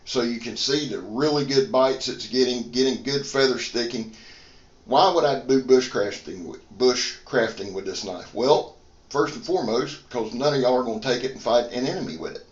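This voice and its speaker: A man's voice: medium pitch, moderate pace. Folksy man, roomy muffled sound. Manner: folksy, self-deprecating, swears casually. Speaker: knife reviewer and channel host. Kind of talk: casual product review vlog.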